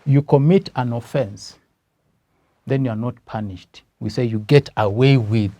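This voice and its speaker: A man's voice: medium pitch, mellow, no echo. A man with a Kenyan English accent teaching a grammar lesson, stressing key words and asking questions that he answers himself. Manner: slow, emphatic, asks questions then answers them.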